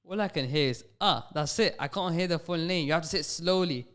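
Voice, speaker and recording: A man hosts a live radio phone-in from the studio, coaxing young callers along with patient encouragement. His voice is smooth and resonant and sits a little higher than most men's. He drops devotional phrases between his questions. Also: fairly quick, fairly bright tone. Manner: sprinkles Islamic phrases through his talk. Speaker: radio call-in host.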